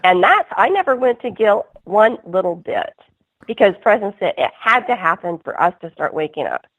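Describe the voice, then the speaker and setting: A woman's voice: mid-range voice, very animated, moderate pace, husky, dry recording. A woman guest on a call-in radio interview, telling her story earnestly in a rambling way, full of restarts. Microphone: phone. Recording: tinny phone line.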